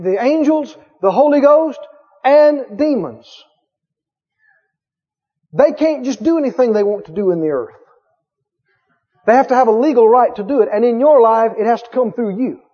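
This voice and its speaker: A man preaching a sermon in a church hall, emphatic, with repeated phrases and drawn-out stresses, recorded on dull lo-fi tape. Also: very high voice, warm tone.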